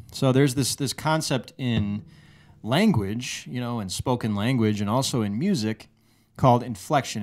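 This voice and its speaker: A man teaching a guitar lesson, explaining a lick step by step in a measured way, often restarting his phrases. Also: medium pitch, darkish tone. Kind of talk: relaxed instructional explanation. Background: guitar playing.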